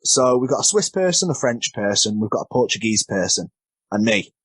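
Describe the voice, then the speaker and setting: A man's voice: lowish voice, big pitch swings, a little fast, fairly bright tone, slightly rough, no echo. Man rambling through wrestling stories. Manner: rambling, self-deprecating, stumbles over words. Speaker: wrestler guest. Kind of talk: casual interview storytelling.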